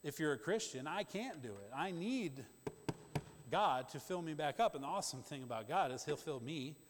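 A man preaching a sermon in a conversational, emphatic way, with quick asides to the congregation. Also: on the high side, animated, background noise. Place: church sanctuary. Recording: long church-hall reverb.

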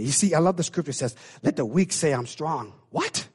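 Male preacher, high and husky voice, impassioned sermon that swings from loud calls to hushed intensity. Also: expressive, moderate pace, hardly any pauses.

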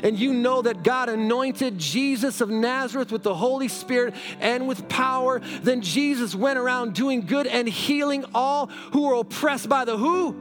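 Male preacher, very high pitch, fervent exhorting sermon and scripture reading, music bed. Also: moderate pace, few pauses, fairly bright tone. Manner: fervent, exhorting, repeats "now". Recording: background music.

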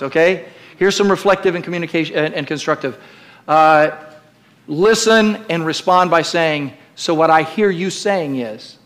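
A man's voice: sits high, fairly bright tone. A middle-aged man preaching a sermon as pastor, emphatic and direct, calling on the congregation to repeat phrases aloud. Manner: emphatic preaching with call-and-response prompts. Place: church.

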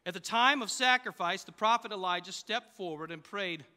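A man's voice: sits high, moderate pace, hardly any pauses, bright, forceful tone, in a large hall. A man preaching a sermon, telling a story in a loose, conversational way with fillers and restarts. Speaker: pastor.

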